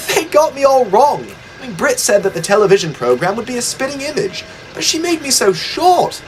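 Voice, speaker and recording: Guy putting on a high bouncy voice for a bragging little train engine, can't stop yapping. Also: brisk, soft background music, poor audio. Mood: indignant. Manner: excitable, self-important chatter. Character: boastful chatty young male tank engine.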